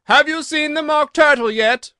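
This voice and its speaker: A man voicing a tyrannical queen who shouts her orders in a shrill, bellowing voice, for a storybook reading. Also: a little slow, dry recording, studio quality, heavily acted. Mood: commanding.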